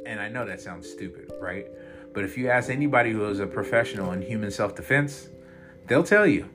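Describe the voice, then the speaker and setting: A man narrating a dark first-person story in a dramatic, intense way. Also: lowish voice, fast. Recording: loud guitar music behind.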